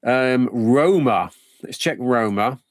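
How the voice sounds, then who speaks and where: A man's voice: mid-range voice, lively intonation, takes it slowly, no echo, studio quality. Chatty man musing over his game. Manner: rambling, thinking aloud, chatty. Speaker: game streamer. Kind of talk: casual live-stream commentary.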